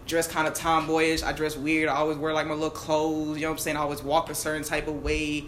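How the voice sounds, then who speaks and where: Fast-talking young podcast host, candid slang. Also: mid-range voice, monotone, a bit bright. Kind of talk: casual podcast chat. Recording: echoey room, mic at a distance, faint hiss.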